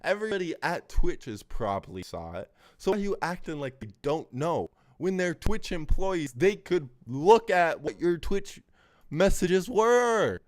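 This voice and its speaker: A man's voice: a little high, very animated, moderate pace, hardly any pauses. A man streaming a reaction, angrily breaking down a clip and swearing constantly as he rants. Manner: angry, swears heavily, talks over the clip. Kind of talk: profane live reaction commentary.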